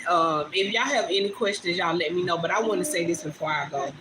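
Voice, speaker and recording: A young woman vlogger talks briskly in a lowish voice to viewers on a phone livestream from her home, calling them "y'all." Her casual talk is chatty, emotional and heartfelt, and the phone recording picks up clear background noise.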